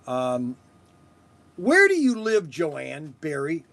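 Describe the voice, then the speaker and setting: A man hosting a toy shop stream, rambling in casual chat with halting restarts and chuckles. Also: high voice, lively intonation, fairly bright tone.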